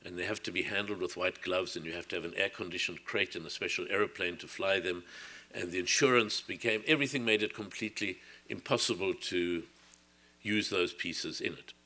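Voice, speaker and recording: A man's voice: low-pitched, pushed and bright. An older man from South Africa giving a reflective public lecture, often circling back and restarting his sentences.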